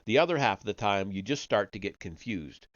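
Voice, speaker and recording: Low-voiced guy reading a sci-fi story on stream, casual, trips over words now and then, dry muffled mic. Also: animated, a little fast, no room sound. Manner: casual first-person reading with slips and restarts. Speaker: host reading stories aloud.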